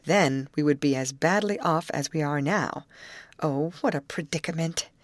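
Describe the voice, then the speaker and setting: A woman's voice: low voice, normal speed, dry recording, natural voice. A woman voicing Betty, a level-headed girl captain. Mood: reasoning. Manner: steady and reasoning. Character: calm resourceful teenage girl captain.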